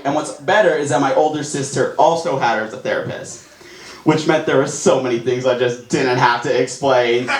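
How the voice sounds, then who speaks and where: A young man performing a self-mocking stand-up routine on a comedy club stage, excitable and quick to laugh at himself, with audience laughter behind him. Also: medium pitch. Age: young adult. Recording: echoey live room, audience noise.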